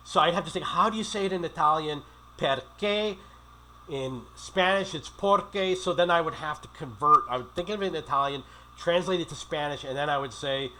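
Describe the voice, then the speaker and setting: A man's voice: on the high side, pushed and bright, rough recording. A middle-aged man telling rambling travel stories in a casual monologue, acting out quoted dialogue. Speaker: travel vlogger.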